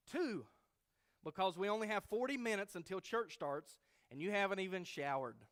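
A man's voice: sits high, lively intonation, moderate pace, fairly bright tone, voice pushed up. A man putting on an exasperated, insistent mother. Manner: raised, insistent counting out reasons. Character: exasperated mother rousing her grown son.

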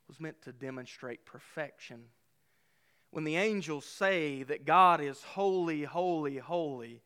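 A man preaching a sermon as a pastor, speaking emphatically and slowing down to stress key lines. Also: a little high, fairly bright tone, smooth.

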